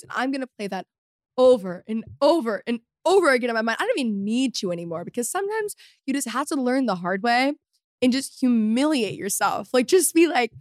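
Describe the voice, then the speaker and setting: Young female podcast host, high-ish voice, self-mocking rambler, dry booth sound. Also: very animated, fairly quick, no echo. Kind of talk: solo podcast chat.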